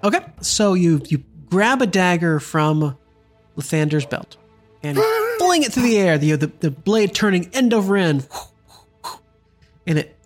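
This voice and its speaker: A game master narrating and running a tabletop role-playing game, describing scenes with lively, stop-start delivery. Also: mid-range voice, unhurried, pauses often, soft background music. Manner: lively narration, frequent restarts.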